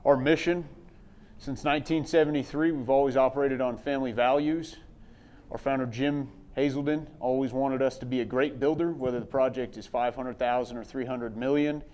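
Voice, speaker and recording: A man who is a construction safety manager, introducing his company at a conference in a steady, slightly scripted way with some fillers. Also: medium pitch, normal speed.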